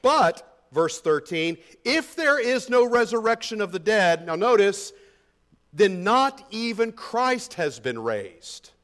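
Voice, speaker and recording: A man with a notably high speaking voice preaches through a passage of scripture. He talks to the congregation in a conversational way, presses his points with emphasis and keeps asking them rhetorical questions. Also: big pitch swings, slow pace, fairly bright tone. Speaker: pastor. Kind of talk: expository sermon.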